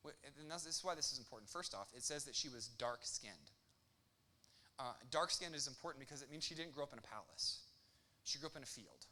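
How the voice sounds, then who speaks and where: Animated, bright-voiced young male pastor. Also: medium pitch. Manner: animated, joking, quick asides and acted quotes. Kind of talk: sermon.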